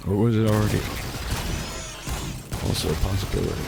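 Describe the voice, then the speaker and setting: A man's voice: lowish voice, steady tone, a little fast, creaky. A man streaming a game live, chatting casually with a sarcastic, rambling manner and frequent restarts. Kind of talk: casual gaming stream chat. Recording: game music underneath.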